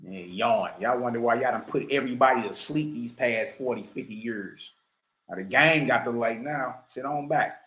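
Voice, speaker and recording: A man hosting a livestream, giving animated, mocking commentary full of slang and laughter. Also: mid-range voice, moderate pace, reverberant. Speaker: livestream host.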